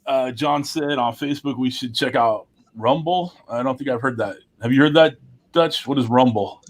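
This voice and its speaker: A man's voice: medium pitch, moderate pace. A man hosting a casual live-stream chat, laid-back and self-deprecating, with casual swearing. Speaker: host.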